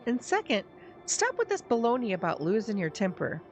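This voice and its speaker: A woman's voice: medium pitch, wildly swooping pitch, a little fast, muffled recording. Iggy, a woman reading a bitter sarcastic boy. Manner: sarcastic, blunt, slangy. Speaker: streamer reading a story game aloud. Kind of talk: game dialogue read aloud.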